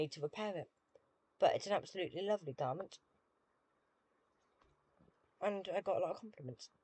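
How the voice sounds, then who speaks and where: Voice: mid-range voice, a little mellow, no echo. Dry, wry British streamer. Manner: dry, self-deprecating, wry. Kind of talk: casual live-stream chat while playing a game.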